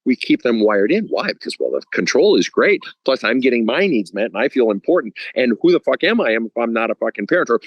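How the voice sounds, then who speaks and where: A man's voice: medium pitch, a little fast, few pauses, no echo, poor audio. A man speaking as a guest counselor on a podcast, talking bluntly with casual swearing and acting out stories. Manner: blunt and profane, animated storytelling.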